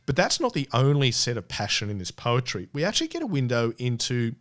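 A man's voice: mid-range voice, huge pitch swings. Aussie guy talking scripture casually, earnest, trips over his words. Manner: earnest, halting, with many restarts. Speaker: Bible study host. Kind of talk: casual Bible discussion.

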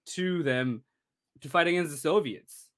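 A man's voice: on the high side, unhurried, fairly bright tone. Chuckling man chiming in casually. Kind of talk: casual political chat.

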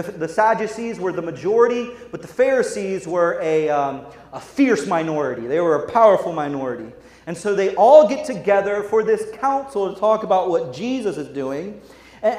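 A young man preaching a sermon as pastor, frank and conversational, telling stories in an animated way. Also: high voice. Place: church hall. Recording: echoey church hall.

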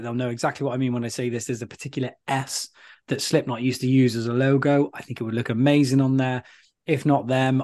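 Rambling British podcast co-host. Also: male voice, medium pitch. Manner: relaxed, rambling with fillers. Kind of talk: casual chat.

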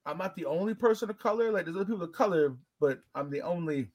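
A man with a husky, rather high voice tells a story with big swoops in pitch. His delivery is animated and punchy, heavy with profanity and emphasis, in the loose rhythm of casual chat. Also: fast talker, highs cut off. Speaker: podcast co-host telling a story.

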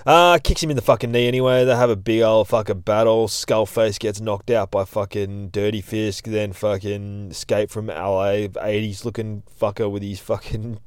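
A man's voice: on the low side, fairly even intonation, normal speed, few pauses, clean tone, no room sound, studio quality. A man, hosting a show and recapping a comic in a rambling, heavily profane, casual way. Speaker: comic review host.

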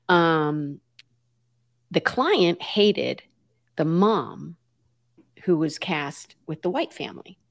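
A woman from the United States, a guest telling stories in a lively conversation, with many fillers and a few Spanish words mixed in. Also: fairly low pitch. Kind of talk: conversational storytelling.

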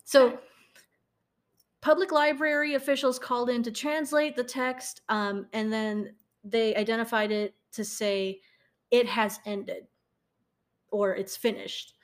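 A woman's voice: on the high side, steady tone, slow. A young woman co-hosting a podcast who recaps a true-crime case in casual storytelling, laughing often, stumbling over words and correcting herself with frequent ums. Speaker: podcast co-host.

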